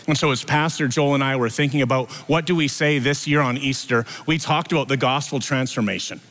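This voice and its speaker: A man's voice: fairly quick, a bit bright. A male pastor preaching an Easter sermon at a church service, telling the story with acted-out dialogue. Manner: storytelling, acts out quoted dialogue with lifted pitch.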